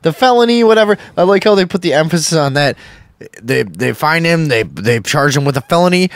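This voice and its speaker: A man's voice: a little high, very animated, fairly quick, no echo, studio quality. A man hosting a talk show, ranting and mocking a news report in casual, profane comedic commentary.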